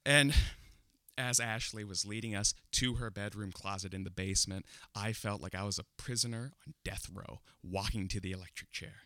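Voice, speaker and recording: A man's voice: lowish voice, normal speed, dry recording, studio quality. Laughing man telling a comic story. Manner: animated, laughing often, builds comic tension. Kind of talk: personal storytelling to an audience.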